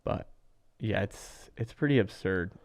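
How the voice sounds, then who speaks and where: Guest racer, low gravelly male voice, chatty and rambling, dry close mic. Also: a little slow, no room sound. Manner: rambling, animated, heavy use of "like". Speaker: off-road truck racer, guest. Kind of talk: casual podcast conversation.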